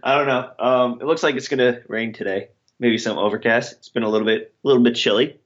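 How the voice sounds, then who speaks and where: A man's voice: medium pitch, steady tone, fast talker, fairly bright tone. A man co-hosting a podcast in goofy, jokey casual chat. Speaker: podcast co-host. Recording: dull lo-fi sound.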